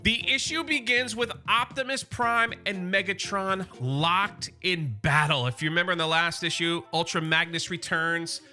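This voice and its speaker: A high-voiced man talks through a comic issue with excited, casual energy. His tone is bright and sharp, and soft music plays behind him. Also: normal speed, hardly any pauses. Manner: enthusiastic, casual, reads quotes aloud. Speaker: comic book channel host.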